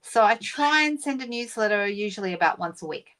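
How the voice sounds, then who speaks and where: A middle-aged woman hosts a live stream in a relaxed, chatty way. She greets viewers one by one and talks through her plans with easy fillers. Her voice sits at an ordinary middle pitch. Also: brisk. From Australia. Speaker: papercraft demonstrator hosting a live stream. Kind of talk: casual live-stream chat.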